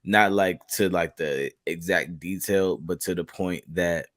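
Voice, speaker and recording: Low voiced dude hosting a podcast, loose and rambly, dry close sound. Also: male voice, a little slow, a bit bright, dry recording. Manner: laid-back, rambling, heavy with filler phrases. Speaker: podcast host. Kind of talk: casual interview chat.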